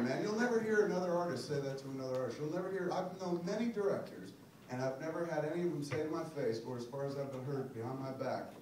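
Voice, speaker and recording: A man's voice: mid-range voice, fast. A man in his forties answering audience questions after a screening, swearing freely and telling stories with laughter. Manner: profane, animated, laughing storyteller. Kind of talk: live Q&A talk after a screening. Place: cinema auditorium with audience. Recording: echoey theater from far off with audience noise.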